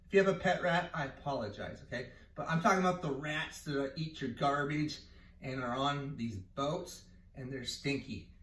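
A man's voice: mid-range voice, moderate pace, a bit bright. A man teaching a PE class, explaining a game and calling out commands in a playful way. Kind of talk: leading a gym class game. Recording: echoey room, mic far off.

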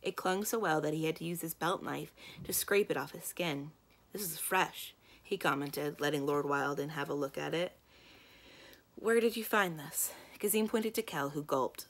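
A woman librarian reading a children's book aloud in calm, steady narration. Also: low voice, normal speed, hardly any pauses.

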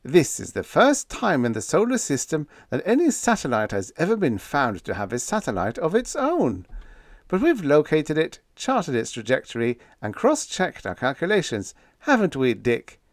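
A man voicing a gentle, nonchalant young male genius pilot who drawls blandly. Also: on the high side, huge pitch swings, normal speed, dry recording, clean studio sound, voice pushed up.

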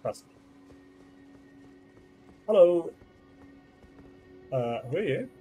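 A man's voice: mid-range voice, very animated, normal speed, a little mellow, faint music behind, poor audio. A man giving casual, rambling let's-play commentary while gaming, easily distracted. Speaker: gaming streamer.

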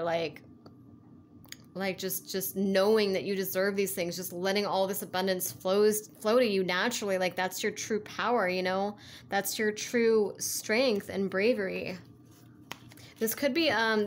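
A woman's voice: mid-range voice, a little hiss or hum. A woman giving a casual spiritual tarot reading, rambling and full of "like" and "you know", laughing easily. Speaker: tarot reader.

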